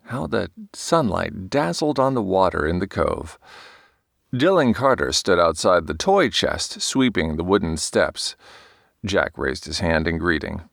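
A man narrating an audiobook in a measured storytelling manner. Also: deep voice, creaky, a bit bright, no echo, studio quality. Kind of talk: scripted narration.

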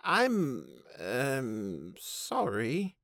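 A man voicing a nervous, apologetic young woman who works at a museum, stammering as she tries to smooth things over. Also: sits high, huge pitch swings, slow pace, no room sound, clean studio sound, voice pushed up, heavily acted. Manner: stammering, placating. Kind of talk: audiobook character voice.

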